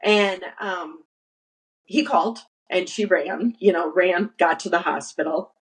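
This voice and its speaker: A woman speaks as a guest in a conversational interview, her voice sitting a little low. She talks earnestly, stumbling and restarting often, and acts out what others said to her. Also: a little slow, rough recording. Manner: earnest storyteller, acts out quoted dialogue, many restarts. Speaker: guest, nursery founder.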